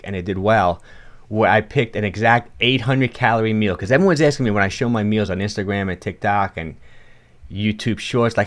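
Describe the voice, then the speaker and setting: A man with a fairly low voice and a strong New York accent, coaching viewers on a fitness livestream. He talks casually and encouragingly, often stopping and restarting his sentences as he answers chat.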